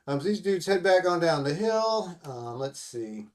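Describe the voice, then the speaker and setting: A man's voice: a little high, sing-song, measured pace. A man hosting a podcast, recapping a film in a rambling, casual way, swearing freely and using many fillers. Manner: rambling and profane, full of fillers. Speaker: podcast host.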